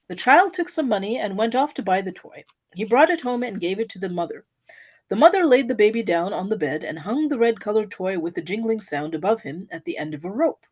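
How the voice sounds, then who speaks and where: A woman's voice: mid-range voice, a little fast, breathy edge. Woman reading a devotional story expressively. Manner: expressive storytelling, lively and earnest. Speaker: devotee giving an offering.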